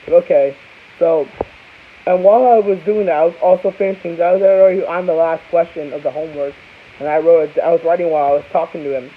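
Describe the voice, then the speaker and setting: High-voiced young man rambling through a story. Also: fast. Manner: rambling, with many restarts and asides. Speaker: vlogger. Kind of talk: casual storytelling. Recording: tinny phone-like audio with faint hiss.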